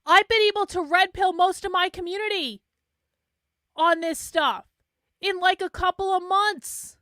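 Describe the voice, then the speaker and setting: A woman hosting a casual monologue, blunt and exasperated, swearing freely and mocking others in flat mimicking asides. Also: extremely high pitch, measured pace, dry recording, clean studio sound. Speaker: online commentator host.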